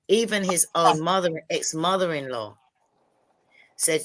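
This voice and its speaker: Animated woman telling stories on a call. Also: low-pitched, fairly quick, a little hiss or hum. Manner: animated storyteller acting out quotes. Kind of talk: casual panel chat.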